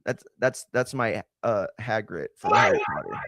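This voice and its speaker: A man's voice: on the low side, moderate pace, dry recording, clean studio sound. A man hosting a casual combat sports podcast, talking animatedly and joking, with many repeated words. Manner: animated, repeats himself, jokey. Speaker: podcast host.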